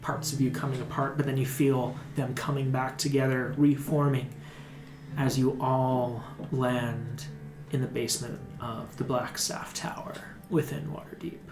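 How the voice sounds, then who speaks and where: A man narrates a tabletop adventure as dungeon master, wandering through his descriptions with filler words. His voice sits in an echoey room with music playing behind. His pitch is average. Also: flat delivery, a little slow. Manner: rambling, many ums and likes.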